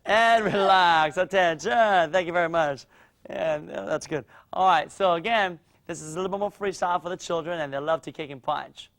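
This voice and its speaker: A man teaching a martial arts class for young children, explaining drills and loudly cheering the kids on. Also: a little high, brisk, vocal fry. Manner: energetic, coaching and cheering children on. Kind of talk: instructional demo with kids.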